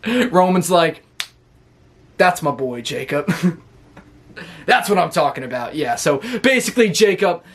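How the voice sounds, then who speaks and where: A man casually recapping a wrestling show, rambling and laughing often as he acts out what the wrestlers said. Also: fairly high pitch.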